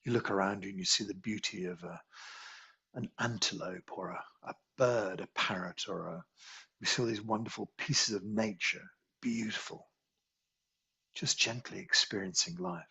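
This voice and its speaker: A man leads a guided qigong healing meditation, his voice gravelly and raspy yet bright and forceful in tone. He speaks in slow, soothing, repetitive phrases, sitting a little low in pitch. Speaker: qigong teacher.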